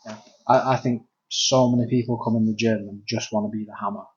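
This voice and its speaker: Flat-voiced Mancunian co-host. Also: male voice, lowish voice, fast talker. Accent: Northern English, Manchester. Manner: earnest, explaining, with hedging fillers. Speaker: podcast co-host and grappling coach. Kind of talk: casual chat. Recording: dull lo-fi sound.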